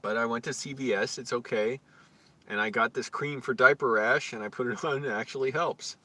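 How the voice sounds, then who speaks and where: A man's voice: mid-range voice, fairly quick, bright, forceful tone. A man talking to his own camera outdoors in a casual, rambling vlog, crude and complaining. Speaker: vlogger. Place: outdoors on the street.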